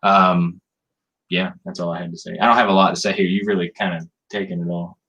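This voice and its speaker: Southern man from North Carolina, low, bright, relaxed co-host. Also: fairly quick, muffled recording. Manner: relaxed, folksy, joking. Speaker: youth ministry leader. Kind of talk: casual discussion.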